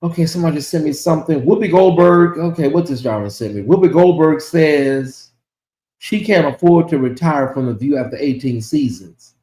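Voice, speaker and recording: A man hosting his own livestream, chatting casually and reacting out loud to messages from viewers. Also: on the high side, normal speed, roomy sound, low-quality recording. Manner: chatty, animated, reacts aloud to comments. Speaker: channel host.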